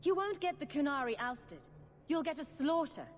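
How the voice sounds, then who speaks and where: An actress playing a blunt, stern guard captain in a video game, speaking firmly and matter-of-factly. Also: female voice, high-pitched, lively intonation, moderate pace. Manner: blunt, firm, matter-of-fact. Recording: long reverb with faint noise.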